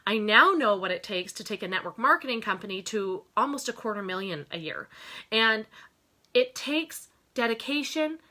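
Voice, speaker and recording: A woman in her thirties speaks straight to camera in an open, heartfelt way, stumbling over fillers as she works through her feelings. Her voice has a bright, forward tone. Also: on the high side, expressive, normal speed. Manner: candid, earnest, emotional, fillers and restarts. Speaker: network marketing vlogger. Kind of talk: casual talk to camera.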